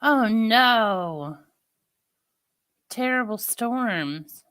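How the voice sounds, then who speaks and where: A woman's voice: on the high side, expressive, extremely slow, a bit bright, clear, resonant tone. A woman chatting casually with her viewers, telling stories and laughing often. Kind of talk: casual chat.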